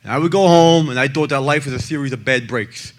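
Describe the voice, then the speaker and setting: A man speaks in blunt, emphatic personal testimony. His voice sits at an ordinary middle pitch. He pushes some lines out loudly and drops others to a near hush. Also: quick pace. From the Bronx, New York. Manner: blunt and emphatic, swinging between loud and hushed. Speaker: abuse survivor and advocate speaker.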